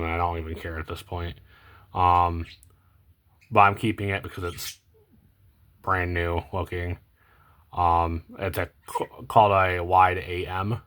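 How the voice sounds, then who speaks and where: A young man talking casually about coins as he sorts them, rambling and hesitant with many ums and self-corrections, often trailing off quietly. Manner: low-key, trails off quietly at phrase ends. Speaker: coin collecting vlogger. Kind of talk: casual unscripted commentary while sorting coins.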